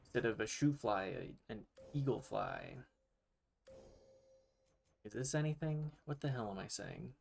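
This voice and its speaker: A man's voice: on the low side, animated, a little slow, vocal fry, long pauses, darkish tone, a little hiss or hum. A man streaming a video game, chatting casually with rambling, self-mocking asides. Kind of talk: casual gaming commentary.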